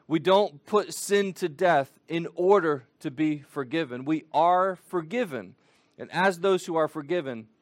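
A man teaching a catechism lesson to families, explaining patiently and slowing down for the children. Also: fairly high pitch, no room sound.

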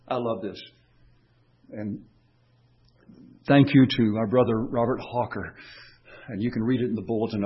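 A man preaching a sermon, swinging between raised, emphatic declarations and quiet, tender passages. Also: mid-range voice, husky, highs cut off. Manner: impassioned, swinging from raised, emphatic lines to quiet, soft reflection.

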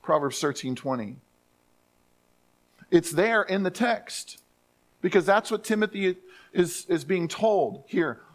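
A male pastor preaching to his church with a somewhat raised pitch. He speaks emphatically, restarts and repeats phrases, and slows down when reading scripture aloud. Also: animated. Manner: reads scripture aloud slowly. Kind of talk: sermon.

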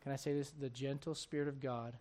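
A male pastor preaching a sermon, swinging between shouted intensity and hushed, gentle tones. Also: mid-range voice, level tone, brisk.

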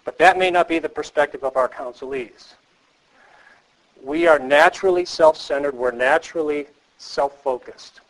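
A man's voice: a little high, expressive, normal speed, a bit bright, low-quality recording. Man teaching counselors, earnest and emphatic. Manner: earnest, emphatic, repeats key phrases; asks the class rhetorical questions. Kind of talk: teaching lecture.

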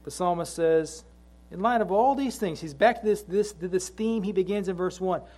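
A middle-aged man delivers a sermon in a notably high voice. He moves between relaxed, chatty family anecdotes and slow, weighty lines where he repeats phrases for emphasis. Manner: conversational storytelling with slow emphatic scripture lines. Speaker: pastor.

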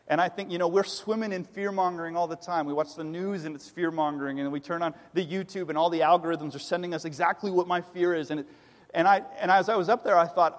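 A man preaching a sermon as pastor, earnest and emphatic, asking his congregation rhetorical questions. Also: a little high. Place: church sanctuary. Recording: long reverb of a church hall.

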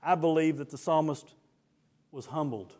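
Preacher man, high-pitched, swings between low talk and fervent shouting. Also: moderate pace. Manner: rising to fervent shouts, then dropping low. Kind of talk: sermon.

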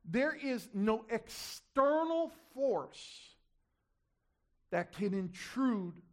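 Slow, high-voiced male preacher. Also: animated. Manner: emphatic repetition and rhetorical questions to the congregation. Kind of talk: sermon.

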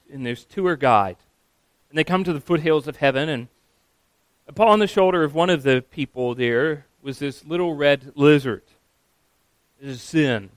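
A pastor giving a sermon, earnest and steady, sometimes acting out quoted voices. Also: male voice, on the high side, smooth, no room sound.

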